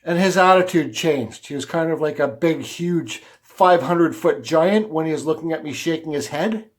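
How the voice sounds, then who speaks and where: A middle-aged man with a rather high-pitched voice talks straight to his viewers. His telling is loose and conversational, full of restarts and repeated phrases. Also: normal speed. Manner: rambling, conversational, repeats words while telling a story. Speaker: woodcarving vlogger. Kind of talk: casual talk to camera, personal storytelling.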